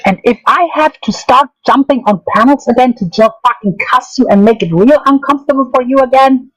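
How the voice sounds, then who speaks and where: A woman's voice: high voice, fairly quick, rough recording. A woman, hosting a livestream of drama commentary and ranting angrily with a lot of swearing and repetition. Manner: angry, profane, repetitive ranting. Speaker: streamer.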